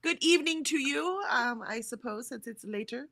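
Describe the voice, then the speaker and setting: Bright-voiced chatty woman. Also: sits high, moderate pace, vocal fry. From Texas, USA. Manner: chatty, reads comments aloud, animated. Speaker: livestream co-host. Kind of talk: casual chat reading out live chat.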